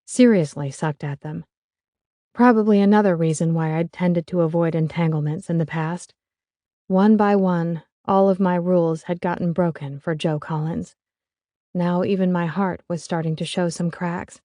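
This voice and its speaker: A woman's voice: on the low side, steady tone, normal speed, warm tone, no echo. A woman narrating a first-person romance audiobook in a wry, confiding way.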